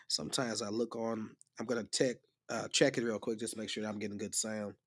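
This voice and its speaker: A man with a lowish, steady, fairly bright voice hosts a live music-production tutorial stream, recorded dry with studio quality at normal speed. Slightly under the weather, he rambles in a casual, chatty way and often starts his sentences over.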